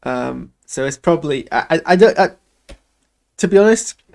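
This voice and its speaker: Man, gravelly voice, rambling live trailer reaction, lots of restarts. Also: on the high side, expressive, normal speed, a little mellow. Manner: rambling, hesitant, lots of restarts and self-deprecating asides. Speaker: channel host reacting to a film trailer. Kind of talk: casual live reaction commentary.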